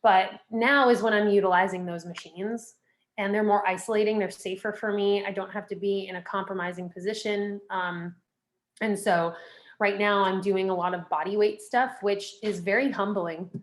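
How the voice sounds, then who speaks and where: A woman's voice: mid-range voice, steady tone, normal speed. A young woman guest on a podcast, talking casually with lots of fillers and giving direct advice. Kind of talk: casual interview chat.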